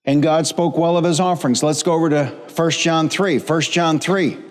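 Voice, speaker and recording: A man's voice: fairly high pitch, fairly even intonation, moderate pace. A middle-aged man, a pastor, preaching a sermon with humor and repetition and calling on the congregation to answer back. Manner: preaching with humor and repetition, calls for audience responses. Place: church sanctuary. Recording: long church hall reverb.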